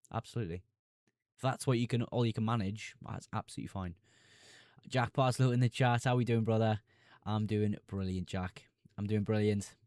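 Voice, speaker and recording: Male streamer with a Mackem accent, lowish register, dry close sound; casual, brisk Q&A delivery. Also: darkish tone, dry recording. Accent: Sunderland (Mackem). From Sunderland, North East England. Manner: casual, chummy, reads a question aloud then answers briskly. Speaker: fantasy football streamer host. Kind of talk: live stream Q&A, reading chat questions.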